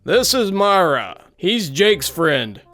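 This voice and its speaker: A man's voice: high-pitched, big pitch swings, slow pace, a bit bright, faint music behind, exaggerated voice. A man voicing a blunt, casual young man hosting a party in a read-aloud story.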